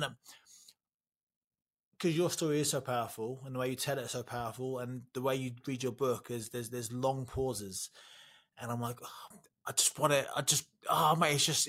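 A man's voice: mid-range voice, fairly bright tone. A man hosting an interview podcast, emotional and sympathetic, often repeating words as he talks. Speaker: podcast host.

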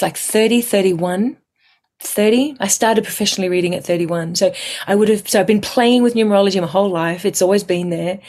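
A woman, a guest telling personal stories in a chatty, animated way. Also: lowish voice, husky. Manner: chatty, animated, acts out quoted voices, swears casually. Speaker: guest numerologist. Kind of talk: casual interview storytelling.

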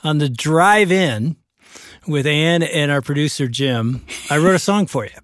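A man's voice: a little high, animated, unhurried, a bit bright, no echo, studio quality. A man hosting an interview show, chatting casually and enthusiastically with his guest. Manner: enthusiastic, praising, joking. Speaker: show host. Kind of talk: casual chat.

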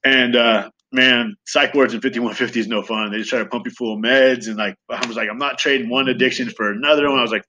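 Man, 30s, rapid-fire candid storyteller, bright, crisp voice, swears freely. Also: mid-range voice, highs cut off. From Southern California. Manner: fast, profane, animated retelling with acted quotes. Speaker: guest sharing recovery story.

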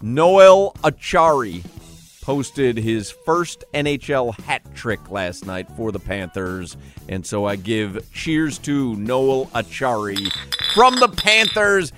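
A man's voice: mid-range voice, animated, slow pace, a bit bright, soft background music. A man hosting a sports radio show, joking and teasing his co-hosts in casual banter. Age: adult parent.

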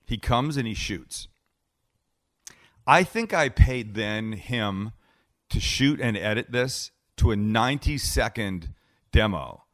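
A man's voice: on the low side, slow pace. A middle-aged man, a TV cooking host, telling stories casually in a podcast interview at home and acting out conversations. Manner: animated storyteller, acts out dialogue. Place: home living room.

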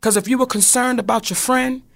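A middle-aged woman with a gravelly, slightly rough voice holds forth on her own talk show. She talks straight to the people she names, emphatic and a little preachy. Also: a little high, steady tone, brisk. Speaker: comedian and co-host. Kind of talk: candid talk-show commentary.

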